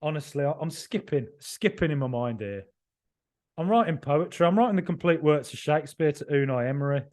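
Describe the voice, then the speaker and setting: A man with a high, bright-sounding voice hosts a football podcast, reacting right after the final whistle. He talks in an excitable, emphatic rush, circling back and repeating lines as his enthusiasm runs away with him. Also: brisk. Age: 30s or older. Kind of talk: excited post-match reaction.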